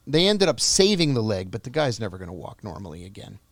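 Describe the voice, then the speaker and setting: A man's voice: medium pitch, animated, quick pace, few pauses, no echo, studio quality. A man who is a former intelligence officer, telling a story in a podcast interview and acting out the dialogue.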